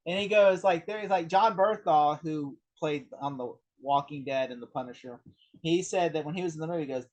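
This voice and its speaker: A man in a casual film discussion, retelling behind-the-scenes stories in a rambling, animated way with lots of fillers. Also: fairly high pitch, a little fast. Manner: rambling, animated anecdote-telling with many fillers. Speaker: film review co-host.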